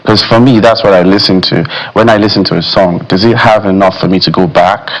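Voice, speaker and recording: A man's voice: deep voice, steady tone, brisk, poor audio. Man as a reflective music critic. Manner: thoughtful, with many fillers like "you know". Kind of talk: studio discussion. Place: television studio.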